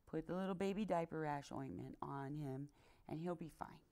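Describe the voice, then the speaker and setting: A woman's voice: low-pitched, moderate pace, dark tone. A woman co-hosting a podcast in casual chat, a supportive listener who also shares stories about her own pets and her baby.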